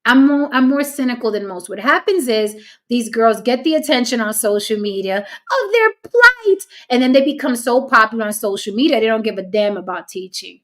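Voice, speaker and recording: A woman's voice: a little high, fairly quick, hardly any pauses. A woman hosting a casual commentary show, talking straight to her viewers in a blunt, cynical way. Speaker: host.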